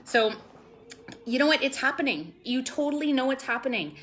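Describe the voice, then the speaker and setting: A woman's voice: high-pitched, animated, normal speed, fairly bright tone, slight background noise. A woman vlogging casually to her business team, gushing and rambling with lots of "like" and "totally", sometimes close to tears. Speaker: network marketing vlogger. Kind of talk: casual motivational vlog.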